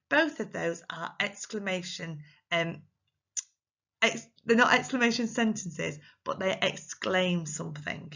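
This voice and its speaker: A woman teaching young children in a recorded lesson, speaking slowly and clearly with an English accent and acting out her examples in an exaggerated, expressive voice. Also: fairly low pitch, dull audio. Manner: slow, clear, encouraging talk to small children. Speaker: primary school teacher.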